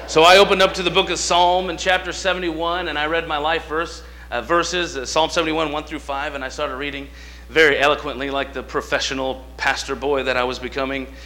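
A man preaches in a folksy, storytelling way. His voice sits a little high and sounds bright and forceful. He drops into quiet asides, then climbs into loud, emphatic lines. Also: little pitch movement, a little fast, a little hiss or hum. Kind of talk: sermon with storytelling.

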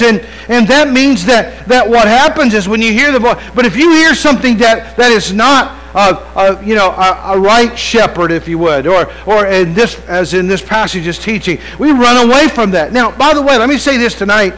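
A man's voice: sits high, animated, normal speed, few pauses, fairly bright tone, rough recording. A man preaching an evening sermon, talking conversationally, restarting phrases and putting questions straight to the congregation. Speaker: pastor. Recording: mains hum behind.

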